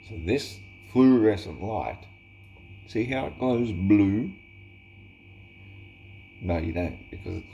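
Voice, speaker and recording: Rambling man with a gravelly voice. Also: deep voice, a little mellow, highs cut off. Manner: swears constantly, chuckles, mock-exasperated. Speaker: vlogger. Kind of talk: rambling casual monologue.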